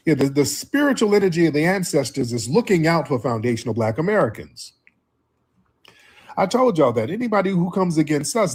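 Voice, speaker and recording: Husky male host, combative and preachy, stream commentary. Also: a little high, darkish tone. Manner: preachy, combative, calls in viewers.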